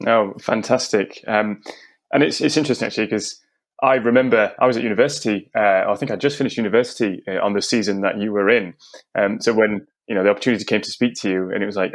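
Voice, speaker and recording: A man's voice: lowish voice, quick pace. A man hosting a business podcast, enthusiastic and stumbling over restarts as he asks questions. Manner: enthusiastic, with hesitant restarts when asking. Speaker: podcast host. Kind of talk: interview hosting.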